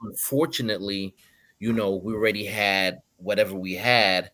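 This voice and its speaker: A man's voice: on the low side, fairly even intonation, moderate pace, sharp tone, no room sound. A man co-hosting a podcast, explaining points in an emphatic, casual way. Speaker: podcast co-host. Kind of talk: casual chat.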